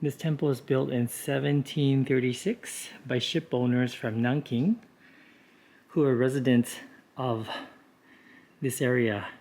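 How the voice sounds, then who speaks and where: An unhurried man with a mid-range voice walks city streets outdoors, giving a casual tour as a travel vlogger and guide. His explanations of the sights are relaxed and informative, frequently broken up by "uh" and "you know."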